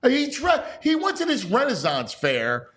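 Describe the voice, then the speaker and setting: A man's voice: very high-pitched, wildly swooping pitch, normal speed, a bit bright. A man hosting a sports radio show, asking playful questions with stammering restarts. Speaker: show host. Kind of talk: casual radio chat.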